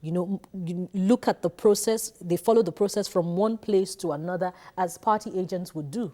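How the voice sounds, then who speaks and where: Nigerian lady hosting a tv panel, low mellow voice, calm questions. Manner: measured, questioning. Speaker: host. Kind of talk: studio panel discussion. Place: TV studio.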